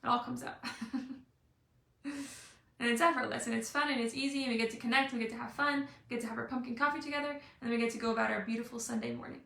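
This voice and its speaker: Bubbly, playful young woman coach talking live; high voice with some vocal fry, roomy sound. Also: steady tone, fast talker, pushed and bright. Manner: bubbly and playful, acts out little scenes. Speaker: life and business coach. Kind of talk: motivational live video talk.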